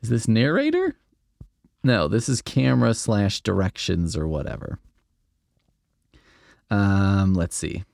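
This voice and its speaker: Low-ish guy rambling on a comedy podcast, wry, swoopy voice, dead dry mic. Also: sing-song, slow pace, gravelly, long pauses, a little mellow, no echo. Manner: rambling, wry, often trailing off. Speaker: podcast host. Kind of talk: comedic script reading and riffing.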